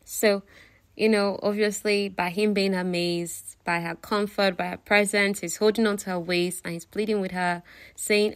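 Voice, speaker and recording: A woman's voice: mid-range voice, fairly even intonation, moderate pace, no echo. A woman casually retelling a novel, chatty and full of fillers, often asking the listener questions. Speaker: book retelling narrator.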